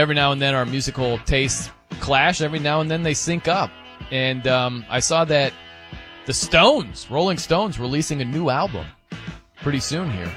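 A man hosting sports radio, bantering casually and rambling with joking asides, fillers and restarts, on a studio microphone. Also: mid-range voice. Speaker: radio host.

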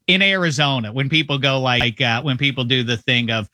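A man's voice: mid-range voice, a little fast, pushed and bright, dry recording. A middle-aged man from the Midwest, a football analyst chatting casually on sports radio over a video call, rambling with self-mocking asides.

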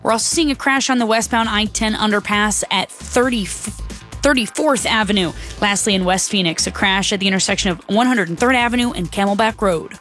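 A woman reading a radio newscast as the station's anchor, in a crisp, even newsreader delivery. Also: mid-range voice, brisk, faint music behind. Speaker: news anchor.

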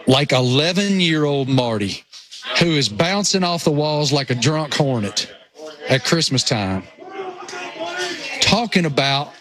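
A man's voice: on the high side, animated, unhurried, pauses often, crowd noise. A man with a rural Appalachian accent, co-hosting a casual sports talk show remotely and joking about himself. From Tennessee. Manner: jokey, self-mocking. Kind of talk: casual radio show banter. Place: remote link over satellite internet.

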